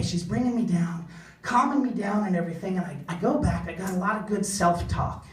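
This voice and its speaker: Here a woman speaks at a medium pitch and a brisk clip during a stand-up set in a small club. Her stories ramble and poke fun at herself, captured by a distant mic in an echoey room with an audience present.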